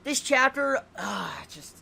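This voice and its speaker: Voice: sits high, animated, slow, gravelly, bright, forceful tone. A manga reviewer ranting casually about a chapter, blunt and swearing freely, full of rhetorical questions and restarts.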